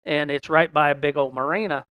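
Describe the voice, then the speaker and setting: A man telling a long fishing story in a casual, folksy way, rambling with many "and, uh" pauses. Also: fairly high pitch, fairly even intonation, pushed and bright, no room sound. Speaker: podcast guest telling a story.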